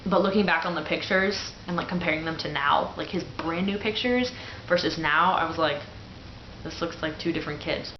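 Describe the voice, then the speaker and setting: A woman's voice: sits low, normal speed, slight background noise. A young woman, a new mother, telling her birth story to the camera in a candid, chatty way, full of "like" fillers. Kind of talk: casual personal storytelling to camera. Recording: echoey room, dull lo-fi sound.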